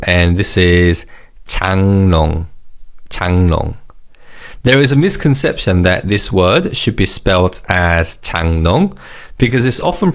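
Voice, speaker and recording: Male language teacher, low gravelly voice with a lively up-and-down delivery, measured drill pacing, brief praise. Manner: slow English explanations and repeated target words; upbeat praise after each drill. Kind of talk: scripted vocabulary lesson.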